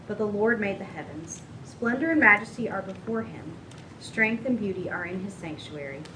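A woman reading scripture aloud in a steady, measured way during a church service. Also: medium pitch. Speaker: scripture reader. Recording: noisy church recording.

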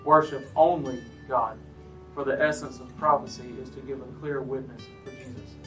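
A man's voice: mid-range voice, fairly even intonation, normal speed, music in the background, low-quality recording. A man reading scripture aloud during a church service, putting emphasis on the proclaimed lines. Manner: emphatic, rising on the shouted lines. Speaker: scripture reader.

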